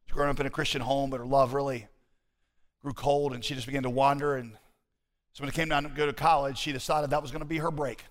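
A man preaching a sermon, dropping to hushed, intimate asides and then building to loud, emphatic rhetorical questions as he tells stories. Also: medium pitch, little pitch movement, fast, long reverb tail. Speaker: pastor.

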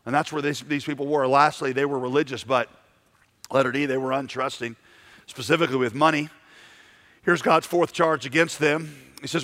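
A man's voice: medium pitch, fairly even intonation, moderate pace, fairly bright tone. A male pastor preaching a sermon, acting out voices and stammering through restarts.

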